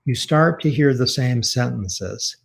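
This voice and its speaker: A man giving a public lecture, speaking in a measured, earnest and reflective way as he tells a personal story. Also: mid-range voice, animated, gravelly. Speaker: author giving a talk.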